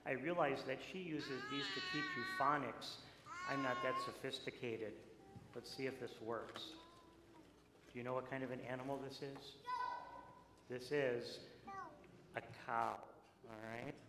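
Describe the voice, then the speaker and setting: A man, a pastor giving a playful children's message in a church, speaking gently with many fillers. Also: mid-range voice, steady tone, measured pace, pauses often. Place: church sanctuary. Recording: echoey church with room noise.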